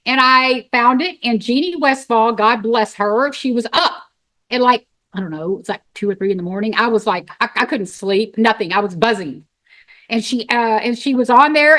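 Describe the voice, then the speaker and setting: A middle-aged woman tells her own story in a high, bright voice. She is folksy and animated, and she slips into other people's voices as she recounts what they said. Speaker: sanctuary founder telling her story. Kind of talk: storytelling talk.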